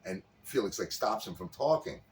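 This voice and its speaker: This man's deep voice is very animated but moves at normal speed as he walks through a sitcom scene during casual podcast banter. As co-host, he acts out the characters' lines; the recording has a slightly distant mic and faint noise behind it.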